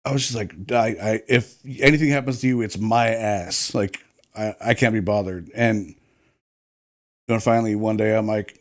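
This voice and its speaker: Man, ex-film crew, slightly low voice, casual profane raconteur. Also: fairly even intonation, normal speed. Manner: swearing, rambling storyteller. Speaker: former film crew worker. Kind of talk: casual podcast chat.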